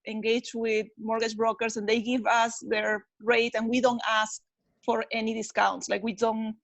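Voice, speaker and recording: A woman's voice: fairly high pitch, little pitch movement, normal speed, vocal fry, no room sound. A woman from Peru, chatting on a video call with many fillers. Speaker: mastermind member.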